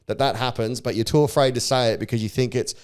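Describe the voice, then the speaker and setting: Blunt, sweary man with a smooth voice. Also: mid-range voice, quick pace. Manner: blunt, swears a lot, animated rants. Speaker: podcast co-host. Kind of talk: casual podcast chat.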